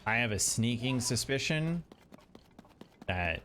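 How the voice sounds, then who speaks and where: A man streams a video game, chatting casually and thinking aloud as he plays. His voice is lowish and fairly bright, and he sounds animated at a moderate pace, with slight background noise behind him.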